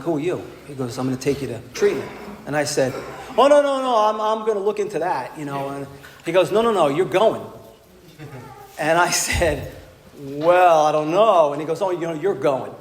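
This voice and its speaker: A man's voice: on the high side, slight background noise. A man giving a wry, self-mocking talk at a recovery meeting, acting out what people said to him. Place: meeting hall. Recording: echoey hall with faint ambience.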